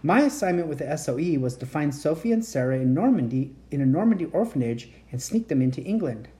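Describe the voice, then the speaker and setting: A woman reading aloud, voicing a gentle, tired young enchantress who speaks calmly and softly while caring for hidden children. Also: low-pitched, fast talker. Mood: calm, worried. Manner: calm, soft-spoken.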